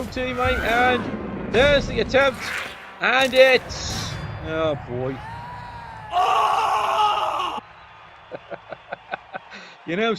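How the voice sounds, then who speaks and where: A man's voice: sits high, noisy background. A man giving wry, sarcastic play-by-play commentary on a video game match.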